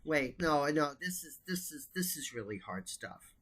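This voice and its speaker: A man's voice: a little high, sing-song, measured pace, fairly bright tone. A man co-hosting a math lesson, insistent and emphatic, teasing his brother and urging him to get to the point. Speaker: math tutor co-host. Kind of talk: casual banter about a math problem.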